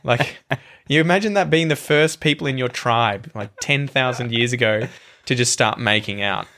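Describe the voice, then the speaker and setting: A man's voice: mid-range voice, moderate pace, pushed and bright. Chatty Australian man on a podcast. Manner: chatty, hedging and self-deprecating. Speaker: podcast guest. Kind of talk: casual chat.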